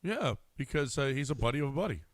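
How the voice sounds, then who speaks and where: Halting radio man, dry studio sound. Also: medium pitch, very animated, dry recording. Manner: halting, hesitant, stirring the pot. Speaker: sports radio co-host. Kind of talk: casual sports talk banter.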